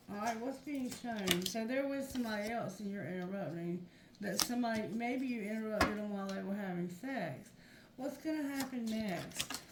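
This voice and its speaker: A woman reading tarot for her viewers, talking frankly and chattily and now and then calling on spirit. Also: medium pitch. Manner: frank, chatty, addresses spirit, earthy phrasing. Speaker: tarot reader. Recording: echoey room with noise behind.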